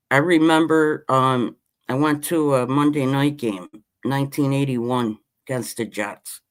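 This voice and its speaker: A man, ranting passionately about his team as a podcast host in casual chat. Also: medium pitch. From Western New York. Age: 50s. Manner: impassioned, rambling sports-fan rant.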